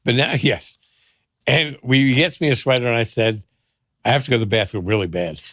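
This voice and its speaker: A man's voice: mid-range voice, brisk, a bit bright, no room sound, studio quality. An older man, a father on a podcast, telling family stories casually and laughing through them.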